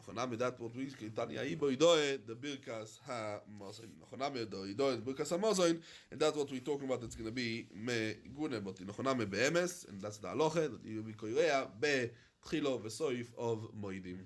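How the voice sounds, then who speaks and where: A rabbi teaching a Talmud class to students, chanting the Aramaic text and then explaining it in English, often halting and repeating himself. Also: male voice, medium pitch, lively intonation. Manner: halting, with frequent restarts and repetition. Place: study hall in London.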